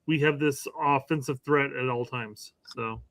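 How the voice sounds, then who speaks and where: A man's voice: medium pitch, steady tone, a bit bright, no echo. Frank man on a dry mic. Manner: opinionated, quick, frank. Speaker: podcast co-host. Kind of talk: casual soccer talk.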